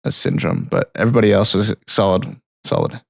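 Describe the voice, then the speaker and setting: A man co-hosting a film podcast, chatting casually in a relaxed, rambling way with frequent laughs. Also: on the low side, normal speed, gravelly, no room sound. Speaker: podcast co-host. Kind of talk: casual chat.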